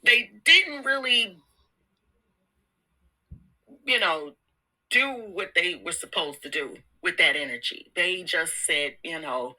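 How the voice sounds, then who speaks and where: A woman's voice: on the low side, lively intonation, slow pace, sharp tone, low-quality recording. A woman vlogging a casual motivational talk, candid and slangy, laughing often and repeating words. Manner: slangy, informal. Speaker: self-help vlogger.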